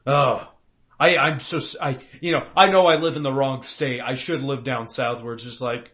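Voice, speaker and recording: A young man from Colorado co-hosts a casual podcast and talks in an animated, profane way, acting out his car and the drivers around him. His voice sits at an ordinary pitch for a man. The recording is dull and lo-fi. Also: moderate pace. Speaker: podcast co-host. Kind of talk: casual chat.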